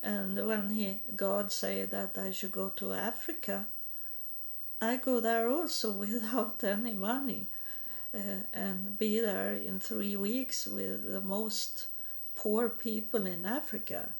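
A woman tells her religious testimony in English at an unhurried pace. Her voice has a gravelly fry, and she stops and repeats words often, with broken grammar. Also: medium pitch, fairly even intonation, a little mellow. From Sweden.

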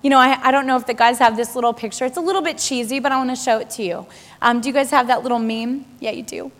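Woman preacher with a high voice, delivering an animated, laughing sermon in a big echoing hall. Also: fast talker. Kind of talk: sermon to a live congregation. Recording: long hall reverb.

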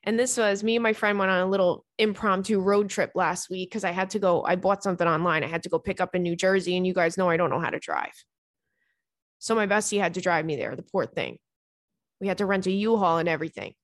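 A woman's voice: on the low side, quick pace, no room sound, clean studio sound. A young woman hosting a podcast in casual chat, talking frankly and chattily and swearing freely. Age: young adult. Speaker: podcast host.

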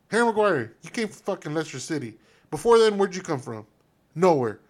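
A man's voice: high-pitched, lively intonation, fairly quick. A man co-hosting a fan podcast, ranting in a heated, profane, emphatic way. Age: adult. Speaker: podcast co-host.

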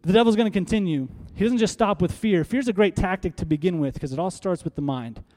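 A man's voice: sits high, fast, dark tone. A man preaching a sermon, emphatic and full of rhetorical questions, leading the congregation to repeat lines after him. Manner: uses props on stage while preaching. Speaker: pastor.

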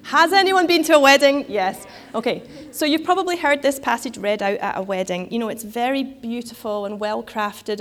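A woman giving a sermon in a conversational way, with frequent fillers and restarts. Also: on the high side. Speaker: preacher.

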